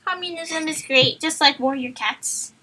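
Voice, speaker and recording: A woman streamer reads a book aloud to her friends in a high-pitched, unhurried voice that sounds pushed and bright. She's playful and chatty, stumbling, losing her place in the text, and drifting onto tangents. The recording is rough, with a little hiss or hum.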